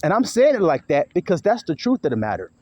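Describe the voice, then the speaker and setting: A man's voice: a little high, huge pitch swings, fast, mellow, slight background noise. A man preaching an informal sermon, blunt and profane, acting out quarrels in other voices.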